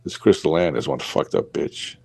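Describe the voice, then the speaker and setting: Very deep-voiced man, blunt and crude. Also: normal speed, a little mellow, slightly rough. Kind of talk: casual chat.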